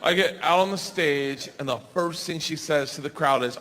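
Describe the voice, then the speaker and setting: An American stand-up comedian with a loud, high-pitched voice tells a story on a comedy club stage at a normal speed with few pauses, animatedly acting out characters. It's a live club set, with a laughing crowd audible in the background.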